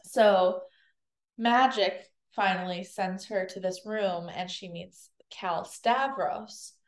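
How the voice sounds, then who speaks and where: A woman's voice: medium pitch, takes it slowly, reverberant. A woman co-hosting a podcast, chatting casually as she recaps a novel's plot and acts out lines in silly voices. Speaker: podcast co-host explaining a book.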